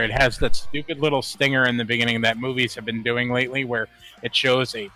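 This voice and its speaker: Animated, bright-voiced male podcast co-host. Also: no room sound. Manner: animated, swears, laughs often, rising pitch when worked up. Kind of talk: casual chat.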